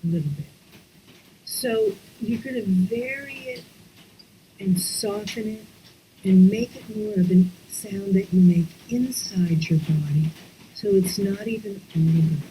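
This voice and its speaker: A woman teaching a breathwork class online, talking slowly and softly and often dropping into whispers. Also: mid-range voice, slight background noise, poor audio. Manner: slow, soft-spoken, drifting into whispers. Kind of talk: guided breathing lesson. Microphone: online class, computer mic.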